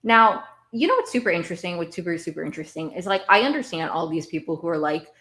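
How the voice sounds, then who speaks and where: A woman with a slightly low voice talks through a TV episode as a podcast host. She rambles in a casual, animated way and repeats words as she works out her point. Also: fast. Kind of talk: casual TV recap.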